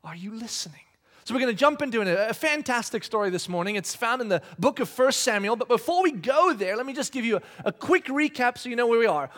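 Guy pastor w a really high voice, chatty sermon, keeps restarting sentences, acts out the quotes. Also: fast, hardly any pauses. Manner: animated storytelling, acting out quoted dialogue; conversational with many restarts.

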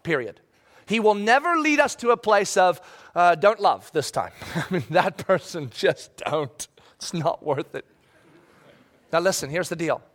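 Middle-aged male preacher, high voice, animated sermon delivery with big swings from quiet to shouting. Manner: animated, swings from soft asides to loud shouted quotes. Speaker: pastor.

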